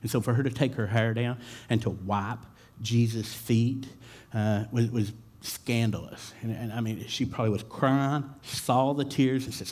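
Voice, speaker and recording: A man's voice: mid-range voice, steady tone, unhurried, a little mellow. A man giving a sermon, talking in a casual, conversational way with frequent fillers and repeated starts. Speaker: pastor.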